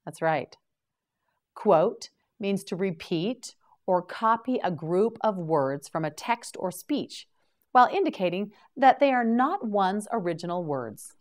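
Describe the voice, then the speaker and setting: Slow, lilting woman teaching vocabulary. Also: medium pitch, expressive. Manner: carefully enunciated, repeats each word for the listener. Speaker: English teacher. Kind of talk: slow vocabulary drill for beginners.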